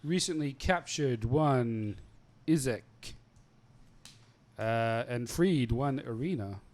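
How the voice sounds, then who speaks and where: A man's voice: medium pitch, slow. Laid-back man running the game. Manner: laughing, relaxed, hesitant with fillers. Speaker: game master. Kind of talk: running a live-streamed tabletop game.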